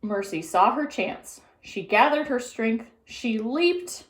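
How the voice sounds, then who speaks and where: A woman narrating a children's book aloud in an expressive storytelling manner. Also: on the high side, slow. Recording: roomy echo.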